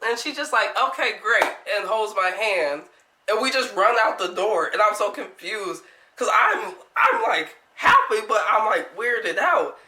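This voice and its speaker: A young woman vlogger telling a story in casual chat, animated, laughing often and swearing freely. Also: medium pitch, measured pace, reverberant, a little hiss or hum, rough recording.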